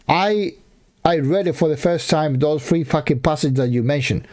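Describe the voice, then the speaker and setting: A man's voice: fairly high pitch, darkish tone. A man ranting in a reaction video, swearing heavily and mocking the speaker he is watching. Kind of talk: profane ranting reaction commentary.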